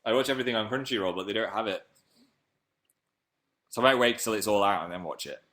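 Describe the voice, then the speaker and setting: A man hosting a relaxed livestream, talking into a webcam mic in a somewhat low voice. He wanders from topic to topic and jokes around, with sudden bursts of excitement. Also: quick pace. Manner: rambling, jokey, with sudden excited jumps in pitch and volume. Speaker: livestream host reading viewer comments. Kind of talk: casual chat.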